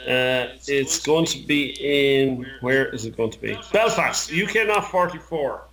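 An Irish man in casual podcast chat, talking at a middle pitch. He rambles and jokes, often restarting his sentences. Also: a little slow, a bit bright, rough recording. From Ireland. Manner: rambling, joking, with many restarts.

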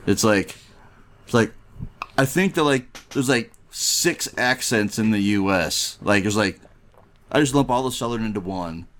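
A man's voice: lowish voice, lively intonation, a little slow, a bit bright. A man from near Chicago, a guest in a casual podcast chat who rambles and leans on filler words. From Midwest US, near Chicago.

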